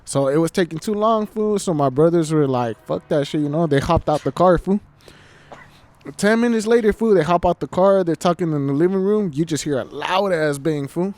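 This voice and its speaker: A podcast co-host with a fairly high, slightly mellow voice tells a story at a moderate pace. He's slangy and profane, constantly calling people "fool" and piling on restarts. It's recorded outdoors at night, with a faint train in the background.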